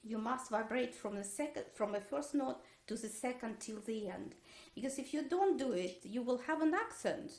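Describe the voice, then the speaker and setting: A woman coaching a violin student in an online masterclass, her fairly high voice ringing in a roomy space. She talks haltingly with plenty of fillers and sings passages on nonsense syllables to show the phrasing. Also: expressive. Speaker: violin teacher. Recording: roomy echo.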